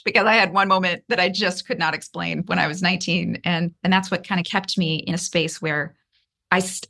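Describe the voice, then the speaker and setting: A woman with a fairly low voice recounts her story as an interview guest. She talks earnestly, tripping over restarts and fillers. When feelings rise, her voice lifts sharply. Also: bright, forceful tone. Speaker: podcast guest.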